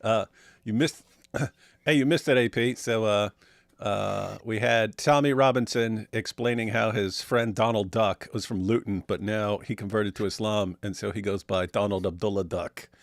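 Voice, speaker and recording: A man's voice: fairly low pitch, fairly even intonation, moderate pace, dry recording. Man, reaction host, casual commentary, laughs a lot, dry close sound. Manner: amused, laughs often between remarks.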